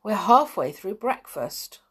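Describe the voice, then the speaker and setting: A woman voicing a brisk mother chiding her sleepy son. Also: mid-range voice, sing-song, a bit bright, husky, full character voice.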